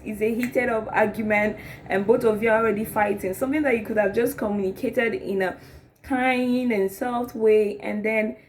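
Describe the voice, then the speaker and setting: A woman with a mid-range voice offers relationship advice in a loose, conversational way. She keeps checking in with her listeners, asking "right?" and "okay?", and she acts out example lines as she explains. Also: mid-range voice. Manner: acts out sample dialogue in a rising, animated voice. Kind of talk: casual advice talk.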